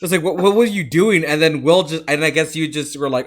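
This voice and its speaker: A man's voice: fairly high pitch, steady tone, a little fast, slight background noise. A man hosting a movie podcast, chatting casually over a voice call, laughing often and restarting his sentences. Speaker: podcast host. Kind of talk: casual chat. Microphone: home mic on a voice call.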